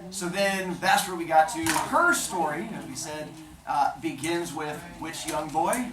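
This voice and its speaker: A man teaching a class, quizzing his students and telling a story in an animated, joking way. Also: a little high, unhurried, echoey room, far from the mic, crowd noise, low-quality recording.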